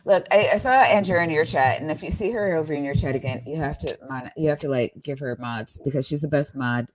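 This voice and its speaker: A woman's voice: deep voice, brisk, a crowd in the background. A woman chatting casually and profanely on a live stream, teasing her friends.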